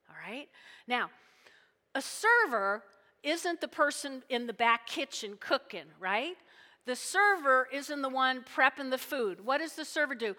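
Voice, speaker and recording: A woman delivering a sermon with a chatty, joking manner, slipping into little acted-out scenes. Her voice sits a bit high and rings bright. The sound trails off in the long reverb of a big church sanctuary. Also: lively intonation, measured pace. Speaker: preacher. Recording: long reverb of a large hall.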